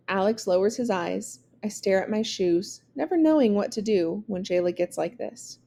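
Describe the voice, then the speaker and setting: A woman reading a verse novel aloud in a measured, expressive way. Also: medium pitch, creaky, a little hiss or hum. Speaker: reader.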